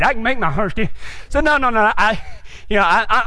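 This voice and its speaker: A man with a strikingly high, bright voice delivers a joking sermon, swinging his pitch all over as he acts out each back-and-forth. He pokes fun at himself, and the sound is close and dry with no room echo. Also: fairly quick. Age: adult, married. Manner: animated, self-deprecating, acts out dialogue. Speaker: pastor. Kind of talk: humorous storytelling sermon.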